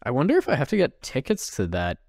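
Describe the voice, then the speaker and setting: A man's voice: mid-range voice, wildly swooping pitch, fast, creaky, a little mellow, dry recording, studio quality. A man co-hosting a podcast, chatting casually, upbeat and often laughing. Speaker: podcast co-host. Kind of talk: casual chat.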